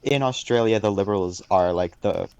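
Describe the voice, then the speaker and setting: A man's voice: lowish voice, moderate pace, a little mellow, smooth, no echo. A man co-hosting a stream, making blunt, casual remarks. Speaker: stream co-host. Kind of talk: casual commentary.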